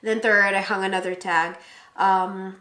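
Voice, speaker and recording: A young woman casually telling her story of shopping for a wedding dress, animated, acting out quotes in a higher voice. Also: unhurried, reverberant.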